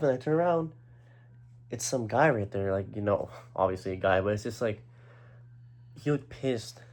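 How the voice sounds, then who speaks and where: A young man casually telling a rambling story, full of slang and fillers. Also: lowish voice. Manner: rambling, slangy, lots of "like" and "bro".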